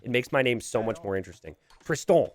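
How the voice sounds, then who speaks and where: A man casting a strategy game, joking with his co-caster and laughing often. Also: on the low side. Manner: animated, joking, quick to laugh. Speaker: esports caster. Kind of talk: live game commentary with banter.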